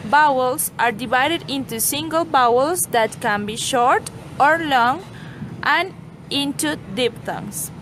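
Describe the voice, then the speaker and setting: High-voiced woman narrating a pronunciation lesson. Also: fairly bright tone, a little hiss or hum, low-quality recording. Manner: measured, explanatory delivery. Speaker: pronunciation teacher. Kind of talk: scripted instructional narration.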